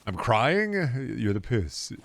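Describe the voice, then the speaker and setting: A man with a fairly low voice, talking casually while he streams a game. His tone is sarcastic, and he keeps circling back to the same complaint in a repetitive rant. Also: sing-song, takes it slowly, a bit bright, no echo. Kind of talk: casual gaming stream chatter.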